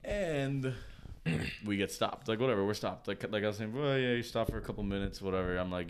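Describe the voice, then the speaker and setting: A young man, telling a story in casual chat, swearing and excitable. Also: fairly low pitch, a little fast, slight background noise. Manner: excitable, swears a lot, laughs mid-story.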